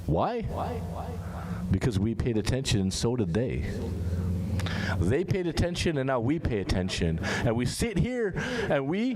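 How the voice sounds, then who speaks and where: Animated man preaching to a crowd. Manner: conversational, asks the audience questions, animated rises in pitch. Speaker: speaker at a Muharram gathering. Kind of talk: informal sermon. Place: large hall with a gathering. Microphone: handheld microphone. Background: crowd of listeners.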